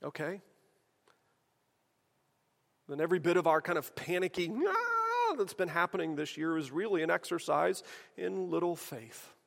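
A man's voice: a little high, steady tone, normal speed, gravelly, long pauses. A man preaching a sermon in a conversational way, asking the room rhetorical questions. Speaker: pastor. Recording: long hall reverb.

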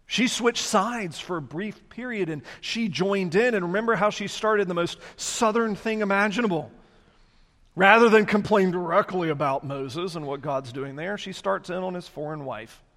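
A man preaching a sermon, animated, now and then putting on mocking voices for complainers. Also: high-pitched, moderate pace. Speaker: pastor. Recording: long hall reverb.

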